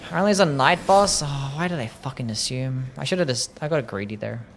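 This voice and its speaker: A man's voice: medium pitch, fast talker, creaky, a little hiss or hum. A man streaming a video game at his home desk, giving casual commentary in a grumbling, self-pitying way, repeating his complaints and swearing. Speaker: live streamer playing a game.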